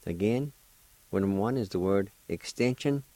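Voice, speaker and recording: With a lowish, mellow, expressive voice, a man leads a radio language lesson, patiently going over each word and spelling it out letter by letter. The recording is dry and rough.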